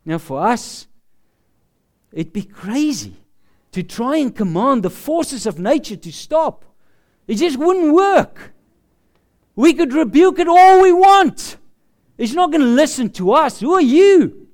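A man preaching a sermon, slow and emphatic, often dropping to a hushed voice for effect. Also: extremely high pitch, sing-song. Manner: slow, emphatic preaching with dramatic drops to a hush.

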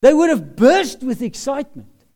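A man preaching a sermon that explains a Bible passage, expressive, with emphatic bursts of loudness. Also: very high-pitched, moderate pace.

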